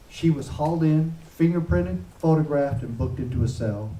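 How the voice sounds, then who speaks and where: A man's voice: on the high side, moderate pace, hardly any pauses. Impassioned man speaking in an echoey room. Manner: forceful, rising to emphatic loud peaks. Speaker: former sheriff giving a talk. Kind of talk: impassioned public speech. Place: event room. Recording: echoey room heard from a distance.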